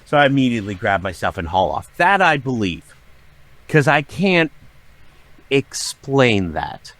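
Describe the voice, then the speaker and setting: A middle-aged man, a podcast guest, telling a story with lots of swearing and dramatic acted-out shouting. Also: medium pitch, big pitch swings, a little slow. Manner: profane, dramatic, acts out his own shouting. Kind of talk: animated storytelling.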